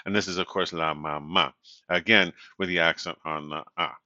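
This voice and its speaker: A man teaching a university Spanish class in a relaxed, conversational way, often checking in with "right?". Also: low voice, brisk, dry recording. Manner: relaxed and conversational, many fillers and "right?" tag questions. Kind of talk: recorded lecture. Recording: dull, dry lo-fi audio.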